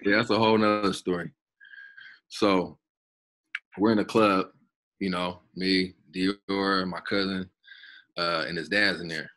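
A pro basketball player, guesting on a podcast, tells loose, slangy stories, swearing freely and repeating himself. His low voice is steady and a bit bright, a little slow, with frequent pauses.

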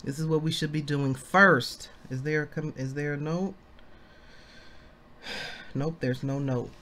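A deep-voiced woman leads a Bible study, slowly and deliberately reading commentary aloud, then bursting into excited exclamations. She calls her listeners family and asks them questions.

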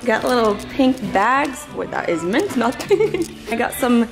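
Bubbly high-voiced young woman vlogging. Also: sing-song, gravelly, music in the background, poor audio. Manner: bubbly, gushing, quick to laugh. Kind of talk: casual vlog chat.

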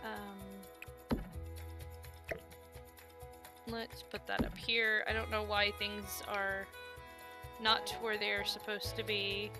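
A woman's voice: medium pitch, little pitch movement, extremely slow, long pauses, music in the background. A woman streaming a life-sim game, chatting casually and coaxing the characters on screen. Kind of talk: casual gameplay commentary.

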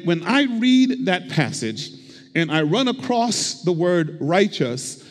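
A male pastor preaching a sermon, with rhythmic repetition and call-and-response to the congregation. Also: high voice. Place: church sanctuary. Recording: long hall reverb.

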